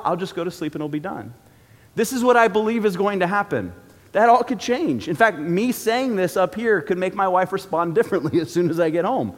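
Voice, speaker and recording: A man preaching a sermon in a church auditorium, in a casual, joking, conversational way. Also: sits high. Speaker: pastor. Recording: long reverb from a large hall.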